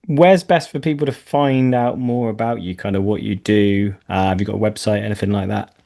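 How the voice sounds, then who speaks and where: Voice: medium pitch, fairly even intonation, fairly quick, vocal fry, mellow. A podcast host chatting casually, asking a guest questions and giving brief affirmations. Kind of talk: casual interview chat.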